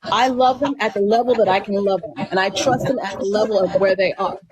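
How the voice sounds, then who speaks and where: A woman from Colombia telling a personal story on a live stream in an earnest, measured way with many fillers and restarts. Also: medium pitch, highs cut off, a crowd in the background.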